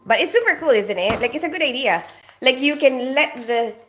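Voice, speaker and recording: A woman's voice: high-pitched, lively intonation, brisk, a bit bright, a little hiss or hum. A woman who grew up in the Philippines, casually chatting on a live stream, reading out comments and greeting viewers by name while laughing often. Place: home in North London.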